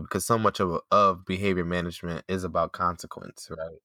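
A man telling a story in casual chat, animated and full of fillers. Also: sits low, brisk, hardly any pauses, no room sound, studio quality. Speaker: podcast co-host, former teacher.

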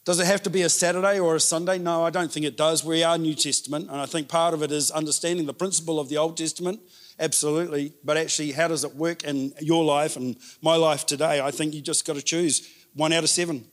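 A man preaching a sermon in an animated way, repeating words for emphasis. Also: on the high side, quick pace. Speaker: pastor.

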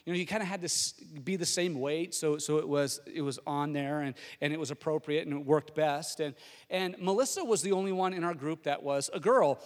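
A middle-aged man preaching a sermon, telling a personal story in a lively way with frequent restarts. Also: fairly high pitch, fairly quick, in a large hall. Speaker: pastor.

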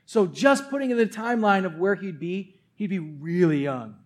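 A man's voice: high voice, lively intonation, normal speed. A man preaching a casual, conversational sermon who often says "like". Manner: casual, conversational, uses "like" a lot. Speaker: pastor.

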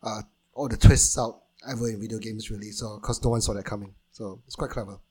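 A man's voice: lowish voice, steady tone, brisk, a little mellow, slightly rough. A man co-hosting a casual film podcast, explaining things in an eager, rambling way with many restarts. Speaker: podcast co-host. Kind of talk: casual film news chat.

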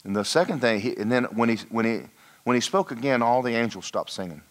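A man preaching a sermon in a church, telling a personal story and dropping to a hushed voice for emphasis. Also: medium pitch, animated, quick pace. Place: church hall.

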